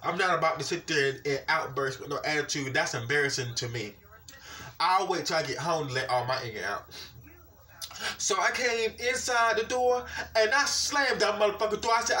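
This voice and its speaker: Young man, animated vlog rant, bright voice, recorded from a distance. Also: a little high, moderate pace. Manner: animated, repetitive, keeps saying "you know what I'm saying". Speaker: vlogger. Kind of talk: ranting personal vlog.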